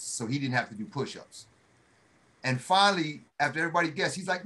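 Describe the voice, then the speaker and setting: A middle-aged man telling a story in a casual chat, animated and acting out the voices of the people he quotes. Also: on the high side, brisk. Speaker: podcast co-host, Army veteran.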